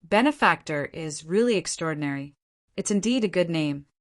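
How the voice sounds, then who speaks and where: A woman narrating an audiobook, voicing a courteous female snake demon who speaks politely and measured. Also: deep voice, animated.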